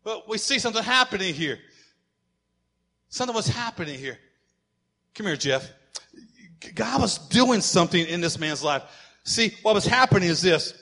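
A man with a high, bright voice preaches a sermon. He presses his points hard, rising to shouts, and drops in playful asides along the way. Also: expressive, a little slow, long pauses, in a large hall. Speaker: pastor.

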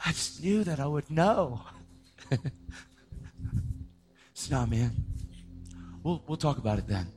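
A young adult man telling a personal testimony in a casual way, often saying "man", his voice rising to shouts at the most intense moments. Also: a little high, very animated, slow pace, pauses often. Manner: casual, says "man" and "dude" a lot. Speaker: speaker sharing his testimony.

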